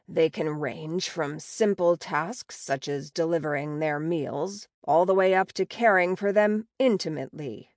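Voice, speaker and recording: A woman voicing a stern male orc prison warden who speaks in a direct, measured way. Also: low-pitched, a little mellow, dry recording, studio quality. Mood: matter-of-fact.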